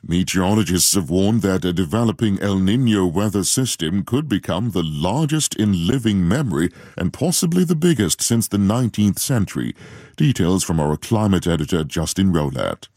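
A man reading a radio world news bulletin in a measured, formal delivery. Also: low voice, animated, darkish tone, no room sound, clean studio sound. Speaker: newsreader.

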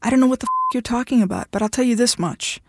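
A woman's voice: a little high, fast, a little hiss or hum, close to an everyday voice. A woman voicing a tough, blunt woman who is fed up with her husband and speaks firmly. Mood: angry. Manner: blunt, firm, impatient.

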